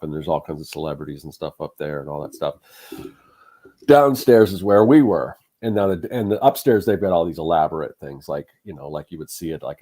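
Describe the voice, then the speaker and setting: A man's voice: a bass voice, mellow. A middle-aged man co-hosting a podcast, telling a rambling story with lots of fillers. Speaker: podcast co-host, artist. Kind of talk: casual chat.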